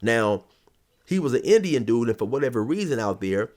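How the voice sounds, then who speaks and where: A man's voice: mid-range voice, very animated, moderate pace, a little mellow. A man telling a story in a casual, rambling, profane way, full of "you know" and "or whatever".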